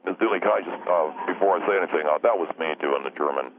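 A man's voice: low voice, fast talker. A man playing a scatterbrained young caller who rambles, apologizes and loses his train of thought. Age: young adult. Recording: tinny phone line with faint hiss.

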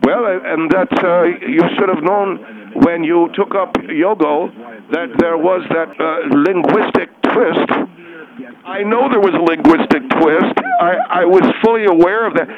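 A man's voice: sits high, a little slow. An actor playing a self-important male caller in a radio comedy sketch, pompous and flustered, stumbling over his words. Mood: blustery. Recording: muffled radio broadcast with crowd noise.

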